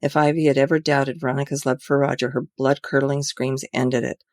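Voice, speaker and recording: A woman's voice: rumbling low, level tone, brisk, darkish tone, no room sound, studio quality. A woman author reading her own mystery novel aloud in an earnest, amateur way.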